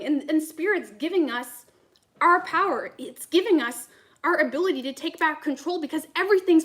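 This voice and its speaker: A woman's voice: very high-pitched, lively intonation, moderate pace, fairly bright tone. A woman, a tarot reader, ranting to camera in a heated, profane, rambling way between readings.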